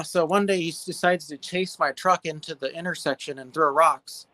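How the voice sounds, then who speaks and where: A man with a slightly high voice tells neighbor stories in a loose, animated way. He jumps up into shrill imitations of the people he quotes. He talks outdoors into a phone. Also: normal speed, hardly any pauses, dry recording. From California. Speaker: livestream guest. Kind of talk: casual storytelling chat. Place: outdoors at his property.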